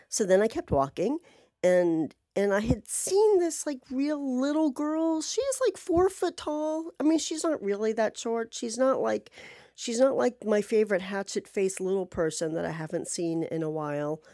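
A woman telling a rambling story in a casual monologue, chatty and animated, with sarcastic asides and swearing. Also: mid-range voice, no room sound, studio quality.

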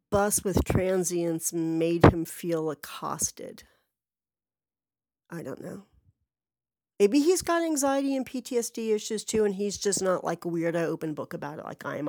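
A woman's voice: medium pitch, darkish tone, dry recording, studio quality. A woman telling a story in a casual, rambling way, blunt and full of swearing and asides. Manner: blunt and profane. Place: near an apartment parking lot.

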